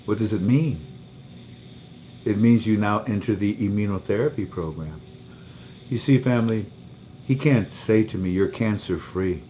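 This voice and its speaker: A man with a low voice tells a personal story on his livestream, often going back over the same words. There is faint noise in the background. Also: normal speed, pauses often, dark tone. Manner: emotional storytelling, repeats words. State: under treatment for cancer. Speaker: livestream host. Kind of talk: casual livestream talk.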